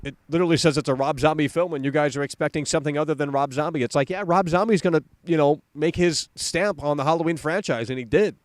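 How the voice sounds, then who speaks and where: A fairly high-voiced young man hosts a live stream, speaking close to a dry mic. He rambles and swears constantly, full of fillers and repeated words. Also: fast, hardly any pauses, no room sound. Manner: profane, animated, with many fillers and repeats. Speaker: host of a live horror film stream. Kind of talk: casual live-stream commentary.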